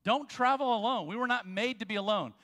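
A man preaching a sermon as pastor, telling jokes and stories with quick asides. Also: very high voice, sharp tone. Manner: jokey storytelling with quick asides. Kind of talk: sermon with humor. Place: church sanctuary. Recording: long church hall reverb.

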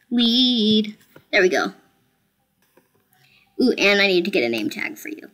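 A woman's voice: medium pitch, big pitch swings, unhurried, long pauses, a bit bright. A woman streaming a game, talking casually to viewers in a chatty, self-mocking and playfully dramatic way. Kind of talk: casual gameplay commentary.

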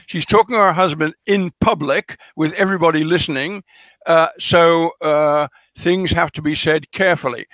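A man's voice: a little high, moderate pace, a bit bright, no echo. A man being interviewed as a scholar, explaining in a lecturing way with frequent hesitations and fillers, stressing key words for emphasis.

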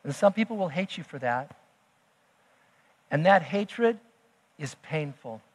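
A man preaching a sermon as pastor, emphatic, swinging between loud declarations and hushed asides. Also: on the high side, expressive, measured pace. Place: church sanctuary. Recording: long church hall reverb.

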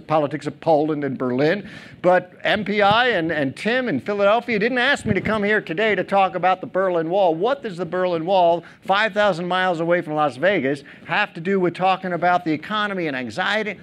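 A man's voice: sits high, brisk, slight background noise. A middle-aged man giving a keynote speech on a theater stage, telling stories, acting out quotes and joking with the audience. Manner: animated storyteller, acts out quotes, jokes with audience. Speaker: keynote speaker.

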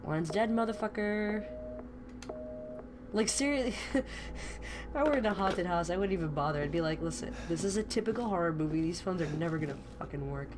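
A woman gaming streamer with a fairly low voice talks a little fast, giving sarcastic, profane commentary on a horror game and shrieking at the scares. It's a noisy home recording.

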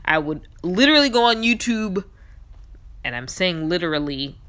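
A woman's voice: fairly low pitch, very animated, moderate pace, a bit bright. Chatty, playful young woman gamer. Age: 20s. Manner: chatty, self-deprecating, playful asides. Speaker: gaming YouTuber. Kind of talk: casual storytelling while playing.

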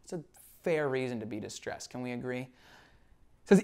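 A man's voice: medium pitch, animated, quick pace, long pauses, dark tone. A young man preaching a sermon as a pastor, earnest and conversational, reading scripture with feeling and acting out prayers.

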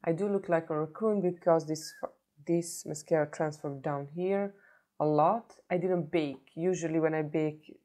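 A woman vlogging a makeup review, tired and hoarse from a cold, chatty and often restarting her words. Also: low voice, fairly even intonation, moderate pace, warm tone. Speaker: beauty vlogger. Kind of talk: casual makeup review vlog.

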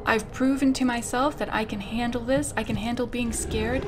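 A woman's voice: on the high side, fairly even intonation, moderate pace, hardly any pauses, slight background noise. A woman hosting a gaming channel, commenting thoughtfully while playing a horror game and talking herself through her fear. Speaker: host of a psychology-themed gaming channel. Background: game music.

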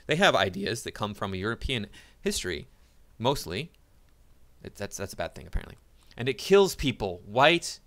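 A man delivers casual online reaction commentary in a sarcastic, mocking tone. His voice sits at an ordinary middle pitch. He stumbles into repeated words and restarts as he talks. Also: lively intonation, fairly quick, a bit bright.

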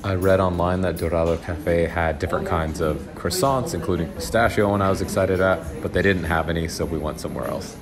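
A man talking casually as a travel vlogger, relaxed and rambling, a little tired, touring cafes and streets. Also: deep voice, a little fast, hardly any pauses. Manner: relaxed, rambling, enthusiastic about food. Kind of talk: casual walk-and-talk vlog. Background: music.

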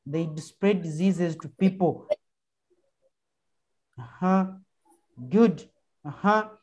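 This woman's voice sits on the low side, slightly mellow, with drawn-out words. She teaches a primary class online via video call in Ugandan-accented English, encouraging the children and prompting with frequent uh-huh and mm-hmm.

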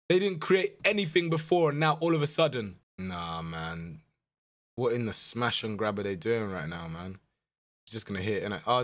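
A young man talks through a football management game live. He speaks at an unhurried pace and moves between low, anxious muttering and loud, excited outbursts. His pitch sits in an everyday middle range. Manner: animated, swings from muttered dread to shouting excitement. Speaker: gaming YouTuber. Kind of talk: live gameplay commentary.

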